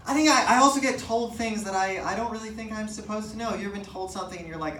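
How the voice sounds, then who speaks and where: A young man doing stand-up comedy on a stage, telling self-mocking stories in an animated, laughing way. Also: sits high, fast, a little hiss or hum. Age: young adult. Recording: echoey room from a distant mic.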